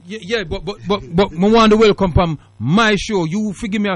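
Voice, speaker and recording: A man's voice: high-pitched, moderate pace, crowd noise. A man with a British accent strongly tinged with Jamaican Patois, hosting a call-in radio talk show in an emphatic, preachy manner. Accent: Jamaican Patois-tinged British English. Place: radio studio.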